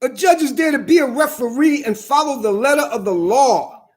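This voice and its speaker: A man with a strikingly high voice rants with anger and plenty of profanity. He drives each point home by repeating it and slowing down to stress single words. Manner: angry, profane, emphatic repetition; slow hammering emphasis on key words. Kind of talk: heated monologue to camera.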